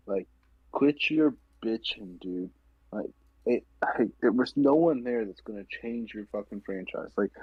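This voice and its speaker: A man's voice: fairly low pitch, husky, no echo. A man co-hosting a sports podcast, ranting with lots of profanity in casual chat. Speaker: podcast co-host. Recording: dull lo-fi sound.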